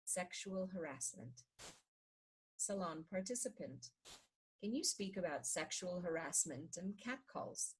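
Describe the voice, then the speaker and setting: Husky woman reading a book aloud. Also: fairly low pitch, expressive, rough recording. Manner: measured reading, slows down on repeated chant-like refrains. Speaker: reader of a book.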